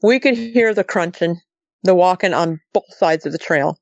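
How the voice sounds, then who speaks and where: Her voice sits on the low side and sounds gravelly, moving at a moderate pace in a lo-fi recording without echo. She's a middle-aged Montana woman being interviewed about a sighting, relaxed and lively as she acts out dialogue with repeated "she goes."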